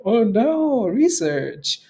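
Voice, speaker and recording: A man's voice: high voice, very animated, extremely slow, dark tone, pitched above the performer's own voice, heavily acted. A man putting on the voice of a whiny, panicked woman trader, mocking her. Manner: whining, mocking.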